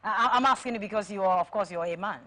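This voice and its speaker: A woman's voice: medium pitch, racing, pushed and bright. A woman hosting a talk show, interviewing a guest with probing questions and frequent fillers.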